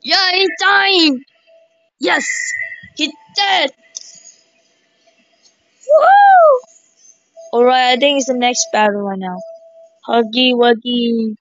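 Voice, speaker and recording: Woman yelling thru a game, slow talker, dull dry lo-fi mic. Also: on the high side, dry recording, faint music behind. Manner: excitable, shrieking exclamations, repeats words. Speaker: gaming commentator. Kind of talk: excited gameplay commentary.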